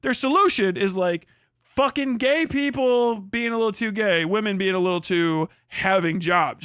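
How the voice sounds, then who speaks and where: A man's voice: high-pitched, moderate pace, fairly bright tone, clean tone, dry recording, studio quality. A man hosting a livestream, ranting casually and sarcastically with constant swearing and mocking quoted voices. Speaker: livestream host. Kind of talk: casual rant.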